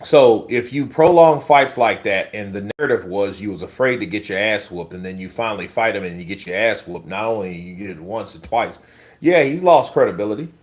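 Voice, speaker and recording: A man's voice: on the low side, expressive, fairly quick. Guy running a boxing commentary stream, blunt and swearing, calls everyone bro. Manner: profane, blunt, laughing, addresses the chat as bro. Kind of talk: casual livestream commentary.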